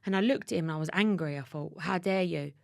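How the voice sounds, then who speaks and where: A woman's voice: on the low side, quick pace, gravelly, no room sound, studio quality. A woman in her thirties with an Essex accent, a podcast guest telling a personal story in an emotional, tumbling way with restarts. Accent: Essex English. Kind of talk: candid conversational interview.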